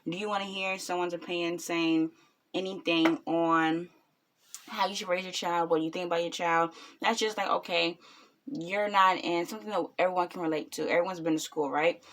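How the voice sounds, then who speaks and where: A woman's voice: fairly low pitch, fairly even intonation, moderate pace, fairly bright tone. A woman in her twenties, a new mother, talking bluntly and rambling with lots of ums in a casual reaction vlog. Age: 20s.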